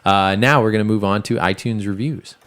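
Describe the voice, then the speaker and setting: A man with a deep, low-pitched voice co-hosts a casual podcast. He rambles along in loose chat and often restarts his sentences. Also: a little fast, heavy background noise. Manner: rambling and chatty, with frequent restarts. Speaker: podcast co-host.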